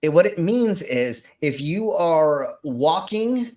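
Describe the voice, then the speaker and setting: A man with a slightly high voice hosts a loose, casual stream. He rambles, swears freely and tells stories with animated energy. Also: slow pace. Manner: profane, rambling, animated storytelling. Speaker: host.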